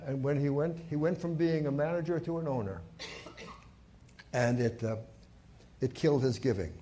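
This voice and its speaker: A man's voice: fairly high pitch, moderate pace, warm tone, a little hiss or hum. A man preaching a sermon in a church, telling stories and stressing key points with rising emphasis. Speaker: pastor.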